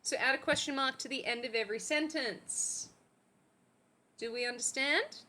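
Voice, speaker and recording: A woman's voice: high-pitched, moderate pace, sharp tone. A woman giving a playful, mock-teacherly lesson on slang in casual stream chat, often giggling. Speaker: guest teaching Australian slang.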